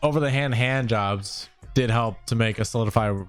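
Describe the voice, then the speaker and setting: A man's voice: mid-range voice, clear, resonant tone, faint music behind. A man, a podcast co-host, chatting casually and playfully. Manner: playful, quick to do voices. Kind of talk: casual chat.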